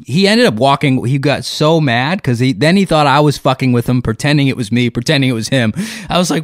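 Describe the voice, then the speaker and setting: A man's voice: medium pitch, animated, brisk, dry recording, studio quality. Rambling, profane man telling a story. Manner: rambling, profane, self-deprecating. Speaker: comedian and impressionist. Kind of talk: casual storytelling.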